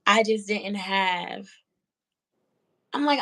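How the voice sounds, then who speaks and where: A woman's voice: medium pitch, steady tone, slow pace, pauses often, a bit bright. A woman hosting a casual interview about fashion, speaking in a thoughtful, encouraging way. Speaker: interviewer, show host.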